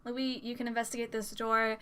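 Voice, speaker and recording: Bright-voiced woman dungeon master. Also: fairly high pitch, little pitch movement, brisk, smooth. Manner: descriptive narration with frequent "um" fillers. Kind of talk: narrating a tabletop game.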